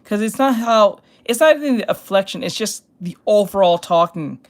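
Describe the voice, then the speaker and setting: A streamer comments live on a video in a loose, casual way. The delivery is blunt and annoyed, with stammered restarts and swearing. The voice sits at a middling pitch, close to a desk mic. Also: expressive, moderate pace.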